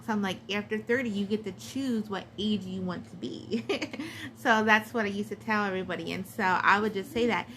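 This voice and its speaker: A woman's voice: medium pitch, fairly quick, fairly bright tone, slight background noise. A woman in her thirties chatting casually to camera at home, giggling often and rambling with lots of "like". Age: 30s. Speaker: craft vlogger answering tag questions.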